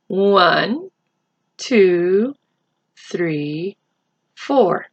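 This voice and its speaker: Storytime teacher, woman, bright and lively, unhurried; reads to kids and counts with them. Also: medium pitch, highs cut off. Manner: expressive, counting along with children. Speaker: teacher reading to children. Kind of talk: read-aloud storytime.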